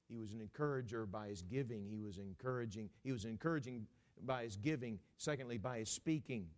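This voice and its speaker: A man's voice: on the low side, brisk. A man preaching a sermon, emphatic and repetitive, with a playful streak.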